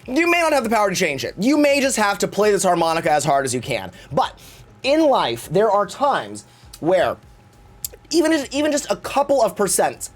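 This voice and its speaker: A man streaming live, chatting casually in a campy, theatrical way and swearing freely. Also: high voice.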